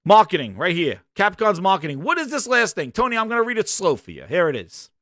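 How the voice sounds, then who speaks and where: Animated, argumentative male gaming host. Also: high voice, fast, no room sound, studio quality. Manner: emphatic, argumentative, addresses listeners directly. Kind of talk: animated opinion rant.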